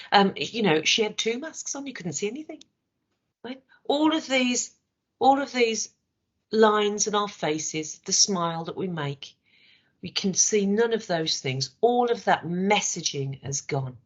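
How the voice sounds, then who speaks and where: A woman with a worn, hoarse voice, leading a training session in a conversational way and checking in with rhetorical questions. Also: mid-range voice. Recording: dull lo-fi recording.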